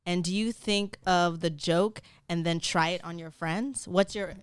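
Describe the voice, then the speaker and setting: A woman's voice: lowish voice, fairly even intonation, measured pace, clean tone, no echo, studio quality. A woman co-hosting a casual podcast, giving brief, laid-back replies and reading out questions. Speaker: podcast co-host.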